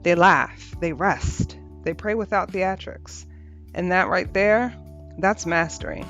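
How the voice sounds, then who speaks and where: A woman hosting a podcast, talking through a reflective spiritual monologue in a gentle, unhurried way, repeating phrases for rhythm. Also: on the low side. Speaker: podcast host. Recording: dull lo-fi audio with faint music.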